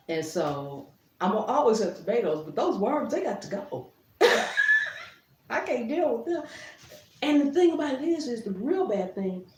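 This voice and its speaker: Middle-aged woman vlogger, animated and laughing, mid pitch, recorded a bit off-mic in an echoey space. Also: a little hiss or hum. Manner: laughs often, animated storyteller. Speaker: gardening vlogger. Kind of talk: casual storytelling to camera. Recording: roomy, a bit distant.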